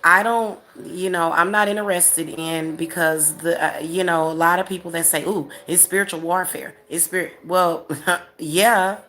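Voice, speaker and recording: A woman's voice: lowish voice, steady tone, normal speed, pushed and bright. A woman hosting a casual livestream as a spiritual reader, talking straight to her viewers in an emphatic, repetitive way and chuckling often.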